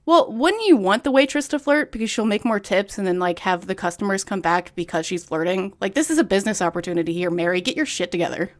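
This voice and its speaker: A young woman reads a book aloud at a quick clip and keeps cutting in with sarcastic, nitpicky remarks. Her voice sits at an ordinary middle pitch, and her tone stays casual and chatty throughout. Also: lively intonation. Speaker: book reviewer reading aloud.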